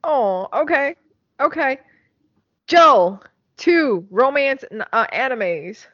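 A woman's voice: sits high, lively intonation, slow, no echo. A woman hosting a casual group chat, going around the table with questions. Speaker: host. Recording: dull lo-fi sound.

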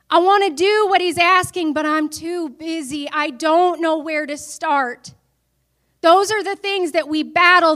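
A woman's voice: very high voice, fairly bright tone. A woman preacher giving an earnest sermon that builds to emphatic declarations.

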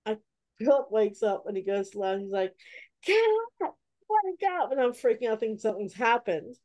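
A woman hosting a casual podcast chat, telling stories and acting out her own reactions. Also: moderate pace. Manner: animated, acts out her own past reactions with sudden high cries. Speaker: podcast host.

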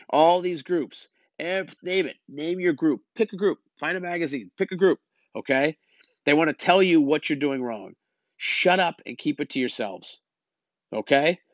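A man's voice: fairly high pitch, fairly bright tone, no room sound, muffled recording. A man delivering a blunt, exasperated opinion rant, lecturing his listeners and tagging lines with "okay?".

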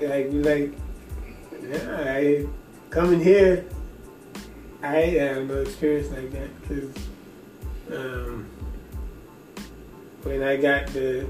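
A man's voice: mid-range voice, little pitch movement, takes it slowly, pauses often, darkish tone. A man from Jamaica, talking in a hesitant, reflective casual conversation full of fillers. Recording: distant mic, echoey room, faint music.

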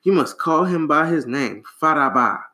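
A man voicing a kind, helpful male chameleon in a folktale, speaking gently. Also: a little high, expressive, moderate pace. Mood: kindly.

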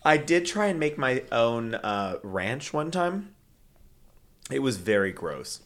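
A man's voice: mid-range voice, big pitch swings, takes it slowly, fairly bright tone. A man in casual chat, sassy and argumentative, giggling often.

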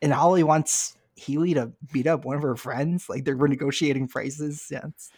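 A man's voice: on the high side, steady tone, moderate pace, a little mellow, breathy edge. A man co-hosting a casual podcast, laid-back and chuckling. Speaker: podcast co-host. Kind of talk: casual film chat.

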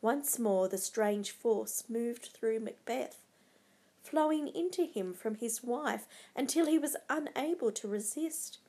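A woman narrating a storybook in a measured, dramatic way. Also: a little high, animated, dark tone.

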